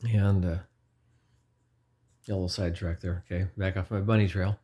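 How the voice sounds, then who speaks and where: A man's voice: low-pitched, fairly even intonation, moderate pace, mellow, breathy edge. A man in his forties giving an informal, earnest personal testimony, rambling and often correcting himself mid-sentence. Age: 40s. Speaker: lay preacher.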